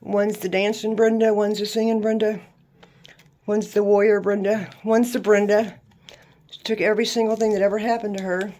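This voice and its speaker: A woman's voice: medium pitch, normal speed. A woman, telling her life story in an emphatic, faith-filled monologue. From Louisiana, USA. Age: 60s. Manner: lively, emphatic testimony with faith talk. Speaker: vlogger.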